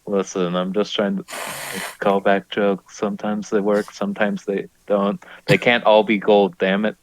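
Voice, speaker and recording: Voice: low voice, flat delivery, a little slow, no room sound, poor audio. A player in a tabletop game, chatting casually and making jokes.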